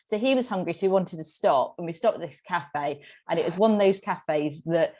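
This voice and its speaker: Guesting on a podcast, a woman who rides tandem bicycles tells easygoing stories in a lowish voice at a moderate pace. She's lively and giggly, laughing often, frequently mid-sentence.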